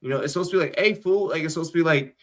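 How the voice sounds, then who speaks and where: Brief: male sports podcaster, fairly high voice, rambling and swearing. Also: steady tone, racing. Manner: rambling, emphatic, profane. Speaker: podcast host. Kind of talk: casual sports chat.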